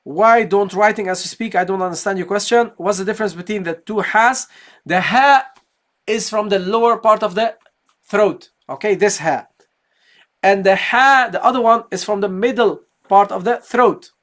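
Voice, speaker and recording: A woman's voice: mid-range voice, moderate pace. A woman teaching Quran recitation in a live online lesson. She explains step by step, asks and answers her own questions, and often checks in with "okay, guys?".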